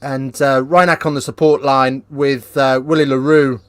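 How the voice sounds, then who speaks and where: A man hosting a live rugby watchalong, chatting casually with viewers and breaking into excited play-by-play. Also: medium pitch, moderate pace, clear, resonant tone, dry recording, studio quality. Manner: casual, banters with live chat, lifts into excited play-by-play on tries. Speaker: watchalong host. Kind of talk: live watchalong commentary and chat.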